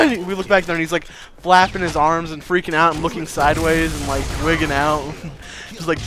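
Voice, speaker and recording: Young man, vlog storytelling, slightly high voice, faint background hiss, animated, casual swearing. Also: fairly quick. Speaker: vlogger.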